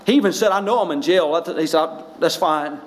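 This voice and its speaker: A male pastor preaching a sermon, swinging between impassioned shouted peaks and low, quiet storytelling. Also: a little fast, rough recording. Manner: drops low and quiet for personal stories.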